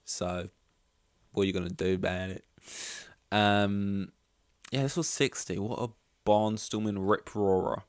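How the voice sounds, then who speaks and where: A man's voice: on the low side, steady tone, unhurried, clean tone, no echo. Rambling man, dry close sound. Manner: rambling, self-interrupting, joking asides. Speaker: podcast host. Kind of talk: casual solo podcast chat.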